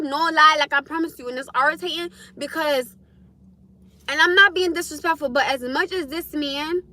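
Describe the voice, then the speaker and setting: A woman's voice: high-pitched, bright, forceful tone. A woman hosting a casual livestream, talking bluntly and animatedly to her viewers and swearing freely. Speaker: livestream host.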